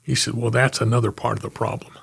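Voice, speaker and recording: An older retired homicide lieutenant telling anecdotes in a casual interview, acting out quotes and laughing often. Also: male voice, mid-range voice, level tone, fast, vocal fry, breathy edge.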